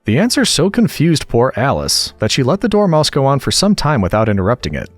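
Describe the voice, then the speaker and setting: A man reading a classic storybook aloud with expressive narration. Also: on the low side, a little fast, few pauses, faint music behind. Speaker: audiobook reader. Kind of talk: scripted narration.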